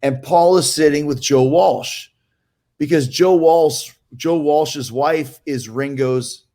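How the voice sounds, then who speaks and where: A man casually telling a story among friends on a podcast, animated and profane, laughing often and imitating the people he talks about. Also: fairly high pitch, slow pace. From Canada.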